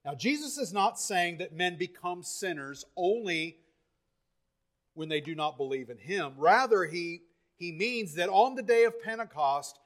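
A man preaching a sermon with fervor, repeating and restarting phrases as he builds to loud, emphatic peaks. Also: sits high.

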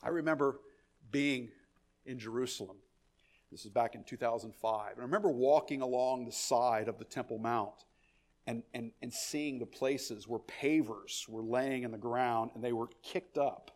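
A male pastor preaching an expository sermon, animated and emphatic, often repeating words as he restarts a thought. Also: mid-range voice, moderate pace.

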